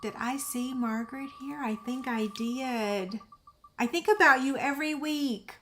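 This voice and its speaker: Slow-talking woman crafter host. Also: high voice, a bit bright, slight background noise. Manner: chatty, addresses viewers by name. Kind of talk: casual livestream chat.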